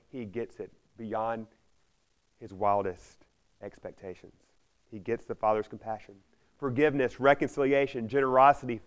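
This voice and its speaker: A man delivers a sermon in an animated storytelling manner, leaning hard on key phrases and repeating them for emphasis. His voice sits at an ordinary middle pitch for a man. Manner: animated storytelling, acting out the characters' lines. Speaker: preacher.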